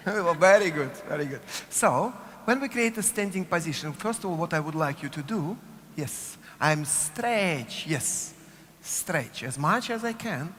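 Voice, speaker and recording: A man with a Russian accent runs a dance workshop, chanting and repeating cue words in rhythm and asking "yes?" often as he coaches. His voice is animated, a little high, and a bit bright at a moderate pace, with long hall reverb and faint room noise.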